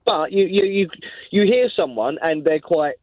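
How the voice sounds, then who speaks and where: A man's voice: a little high, normal speed, no room sound. A man calling in to a radio show, asking earnest, rambling questions. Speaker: caller. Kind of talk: casual phone call. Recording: tinny phone line.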